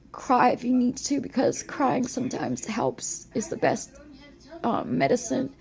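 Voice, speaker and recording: Tearful woman, halting confessional delivery, phone mic, wide-ranging pitch, mellow tone. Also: big pitch swings, vocal fry, low-quality recording. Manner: halting, rambling, repeats herself. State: crying. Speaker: vlogger.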